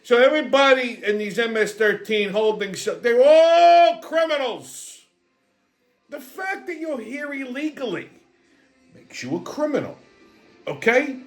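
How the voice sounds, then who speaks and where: A man's voice: very high-pitched, lively intonation, measured pace, soft background music. A man hosting a comedic rant, profane, brash and sarcastic. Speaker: host.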